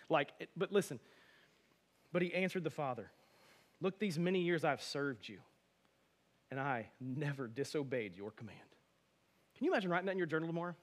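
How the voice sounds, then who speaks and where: Animated male pastor preaching. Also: fairly high pitch, quick pace. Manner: animated, conversational preaching with sudden loud emphasis. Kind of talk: sermon.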